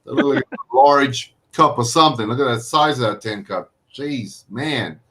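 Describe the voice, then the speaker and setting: A man's voice: mid-range voice, normal speed, sharp tone. A man hosting a casual live video-call chat, rambling with frequent fillers and restarts. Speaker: host.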